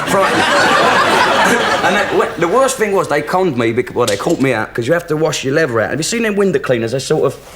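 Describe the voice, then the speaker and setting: A man, a comedian guest on a television chat show, telling self-deprecating anecdotes with frequent chuckles. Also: a little high. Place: television studio. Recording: hissy 1980s television broadcast.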